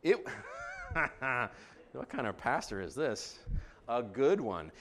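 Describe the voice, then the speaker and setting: A man's voice: mid-range voice, moderate pace, pauses often. A male pastor preaching a sermon, telling stories with jokes and reading scripture aloud. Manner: animated, joking storyteller.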